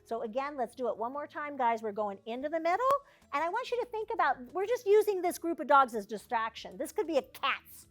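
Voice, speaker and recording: High-voiced woman dog trainer. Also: sing-song, brisk. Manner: chatty and down-to-earth, with joking asides. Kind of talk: hands-on training class instruction.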